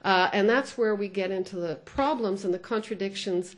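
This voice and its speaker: A woman's voice: mid-range voice, normal speed. Bilingual woman giving a lecture. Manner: thoughtful, switches between English and French, frequent "uh" fillers. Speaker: sociolinguist giving a talk. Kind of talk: conference lecture.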